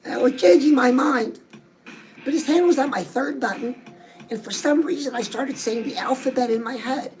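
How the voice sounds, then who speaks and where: A high-pitched woman coaching her followers on dating, chatty and sassy, calling them "girls". Clear music plays under her voice throughout. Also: moderate pace, low-quality recording. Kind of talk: direct-address advice talk. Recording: music playing behind the voice.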